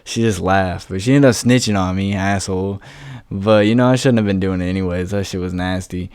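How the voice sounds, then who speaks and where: A young man from West Virginia tells a personal story with casual, profane ease. His voice sits a little low and comes through smooth and clear. The recording is close and dry. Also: brisk, darkish tone, dry recording. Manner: loose, profane and laid-back, acting out quoted voices. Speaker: vlogger.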